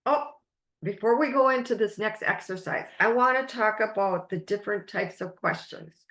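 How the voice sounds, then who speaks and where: A woman life coach leading a webinar masterclass, speaking in slow, emphatic, drawn-out phrases. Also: medium pitch, fairly bright tone, roomy sound.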